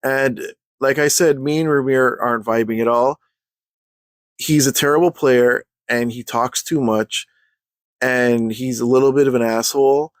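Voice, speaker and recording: A man telling a story in a casual rant for his vlog, heated and full of slang, clearly fed up. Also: medium pitch, no room sound. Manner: heated, slangy, exasperated ranting.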